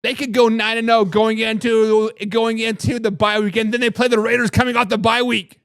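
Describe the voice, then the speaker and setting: A man hosting a fan sports talk show, hyping his team, shouting catchphrases and answering viewer comments while drinking beer. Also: extremely high pitch, little pitch movement, brisk, clear, resonant tone, no echo, clean studio sound. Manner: hype, repeats catchphrases, says "baby". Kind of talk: hyped live sports talk.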